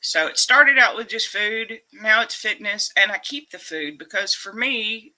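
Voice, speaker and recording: A woman's voice: mid-range voice, lively intonation, unhurried, pushed and bright. A woman hosting a casual livestream from home, emotional and upbeat, laughing often as she chats. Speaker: livestream host.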